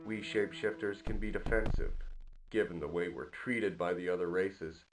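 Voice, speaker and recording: A man's voice: sits low, natural voice. An actor playing a wary, cryptic shapeshifter man in a video game. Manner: measured, cryptic. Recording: distant game voice over guitar.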